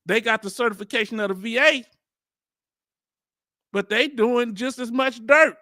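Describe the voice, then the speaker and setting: A man's voice: extremely high pitch, normal speed, pushed and bright, no echo, clean studio sound. A man with a Southern accent hosting a reaction video, talking in casual slang, incredulous and laughing often. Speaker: video host reacting to a hearing.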